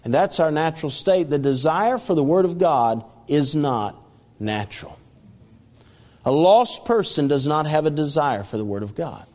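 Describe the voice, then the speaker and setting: High-voiced emphatic male preacher. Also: lively intonation, moderate pace, darkish tone, long reverb tail. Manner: emphatic preaching with repeated phrases and scripture reading. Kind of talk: sermon.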